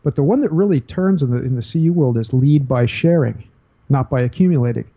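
An earnest man talks as a show guest, laying out his ideas in a loose, conversational way. His voice is very dark and mellow, with a husky edge. He often circles back and restarts his sentences. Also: mid-range voice, a little fast, highs cut off. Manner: earnest, explanatory, many restarts. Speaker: guest leadership speaker. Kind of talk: casual interview talk.

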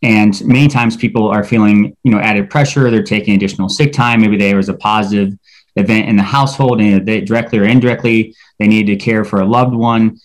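A man speaking as a credit union executive, answering interview questions in a steady, explanatory way with small word repeats. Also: fairly low pitch, a little fast. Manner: steady, explanatory, repeats words when restarting.

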